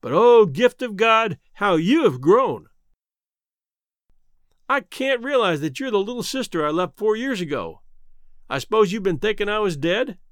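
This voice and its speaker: A man's voice: high-pitched, big pitch swings, a little fast, a bit bright, clear, resonant tone, dry recording, clean studio sound. A man voicing a sober, earnest young man, an older brother who has returned from a prospecting trip up north.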